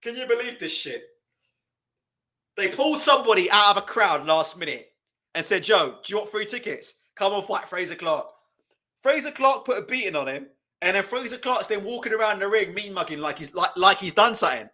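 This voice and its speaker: Brief: male streamer, lively swooping delivery, loose casual commentary. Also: sits high, a little fast. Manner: mocking, laughing, loose and profane. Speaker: livestream boxing watch-along host.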